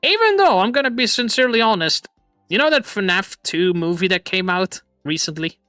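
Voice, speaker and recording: Excitable man with a put-on British lilt. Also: high-pitched, moderate pace, no echo, studio quality, soft background music. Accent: imitation British. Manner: excitable, swears, laughs often. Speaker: streamer host. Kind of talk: casual livestream chat. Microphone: boom arm microphone.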